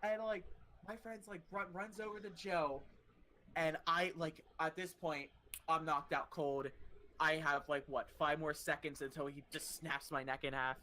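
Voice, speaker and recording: A young adult podcast host casually telling a long personal story, animated and swearing freely. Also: mid-range voice, measured pace, slight background noise.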